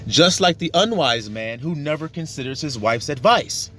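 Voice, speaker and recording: A man's voice: a little high, animated, moderate pace, bright, forceful tone, a little hiss or hum. A man giving a casual, profane sermon, acting out little dialogues to make his points. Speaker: religious teacher.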